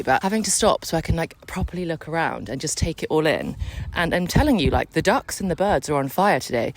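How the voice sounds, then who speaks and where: A woman's voice: fairly low pitch, animated, fairly quick, a little hiss or hum. Breathless, chatty young woman vlogging outdoors. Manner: chatty, breathless and bubbly, laughing often. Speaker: lifestyle vlogger. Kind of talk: casual vlog chat. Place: park outdoors.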